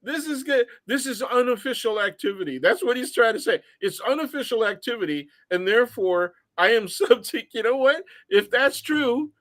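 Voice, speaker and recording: A man's voice: very high voice, lively intonation, moderate pace, hardly any pauses, a bit bright, no room sound. A man co-hosting a casual political chat, arguing his points and often laughing as he talks. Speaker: co-host commentator.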